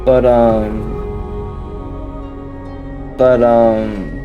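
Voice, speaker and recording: A man's voice: medium pitch, level tone, phone-quality sound, over music. A tired, sleepy male streamer winding down his stream in casual chat, rambling and restarting his sentences. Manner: rambling, halting, with many restarts and fillers.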